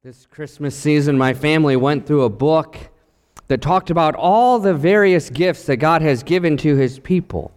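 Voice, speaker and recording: A male pastor giving a sermon, measured at first and then building to emphatic, rising declarations. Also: a little high, darkish tone, clean tone, big-room sound.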